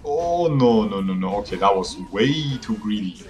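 Laid-back low-voiced male game streamer. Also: normal speed, soft background music. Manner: laid-back, chatty, laughs often, reads chat aloud. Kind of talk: casual live-stream chat with viewers. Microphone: phone game audio with voice mic.

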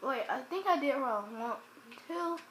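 A woman giving let's play commentary as a gaming channel host, chatting to viewers and bursting into loud exclamations. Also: high-pitched, animated, normal speed, a little hiss or hum. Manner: chats directly to viewers.

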